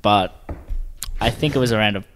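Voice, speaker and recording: A man's voice: fairly low pitch, moderate pace, a bit bright, a little hiss or hum. A man co-hosting a podcast, giggly and teasing in casual chat. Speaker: podcast co-host.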